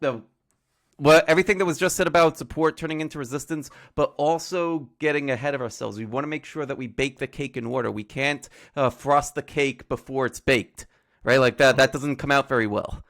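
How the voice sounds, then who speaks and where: A male trading educator on a casual livestream walks through chart setups with examples, homely analogies and plenty of fillers. His mid-range voice is brisk, with a fairly bright tone.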